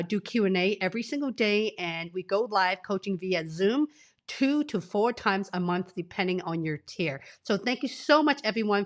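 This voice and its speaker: A woman career coach in her forties speaking to live-stream viewers, sick and tearful, effusive and emotional. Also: mid-range voice. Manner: emotional, effusive, talks straight to the audience.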